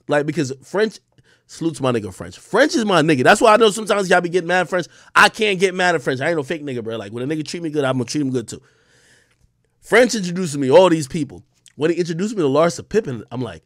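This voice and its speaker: A man's voice: fairly high pitch, very animated, quick pace, a bit bright, no room sound, studio quality. A young man from the Bronx, telling a rambling, profane story as a streamer host. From the Bronx, New York. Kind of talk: casual storytelling monologue.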